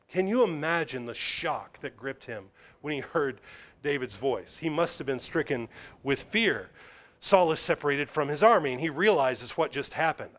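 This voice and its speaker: High-voiced emphatic male preacher. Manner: emphatic, drops low and quiet on key points. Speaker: pastor. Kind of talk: verse-by-verse sermon.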